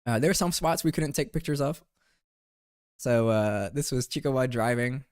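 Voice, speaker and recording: Chatting loosely over pictures from his trip, this young streamer rambles playfully, drops "bro" often, and invites viewers to share their take. He has a medium pitch at normal speed, a slightly mellow, clear, resonant tone, and a dry, studio-quality recording.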